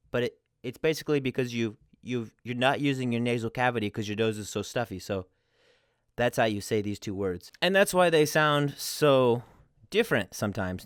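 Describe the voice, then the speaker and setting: A man's voice: mid-range voice, clear, resonant tone, dry recording, clean studio sound. A man giving a casual, friendly lesson as a language teacher, explaining step by step with examples.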